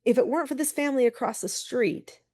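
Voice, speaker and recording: A middle-aged woman, a parenting expert, telling personal stories as a guest in a podcast interview, animated and full of "like" and "you know". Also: high-pitched, fast. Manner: animated storyteller, many fillers like "like" and "you know".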